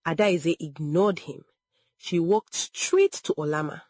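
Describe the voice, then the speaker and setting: A woman narrating a storybook tale in a measured, expressive reading. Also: low voice, no echo.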